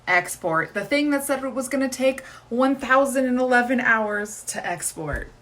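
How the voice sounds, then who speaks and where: A woman's voice: on the high side, expressive, normal speed, fairly bright tone. A woman in her twenties ranting profanely in casual selfie videos, exasperated, filmed on a phone at arm's length. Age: 20s. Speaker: vlogger.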